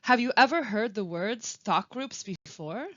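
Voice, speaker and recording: A woman who works as a language support specialist, presenting a pronunciation webinar with clear, deliberate teaching and careful pauses. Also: on the high side, lively intonation, fairly bright tone, no room sound. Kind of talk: instructional webinar narration. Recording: dull, lo-fi dry voice-over.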